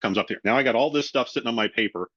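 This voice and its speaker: A middle-aged sales trainer runs an animated webinar, playing both the caller and the customer himself as he coaches salespeople. His mid-range voice races along. The recording is dry and echo-free, somewhat dull and lo-fi.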